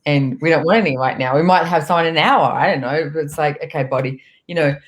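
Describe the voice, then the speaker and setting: A woman speaking as a guest in a relaxed conversation, telling stories and voicing what her body says. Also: low-pitched, fast talker. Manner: relaxed, storytelling, acts out her body's voice. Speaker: guest facilitator. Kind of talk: casual chat.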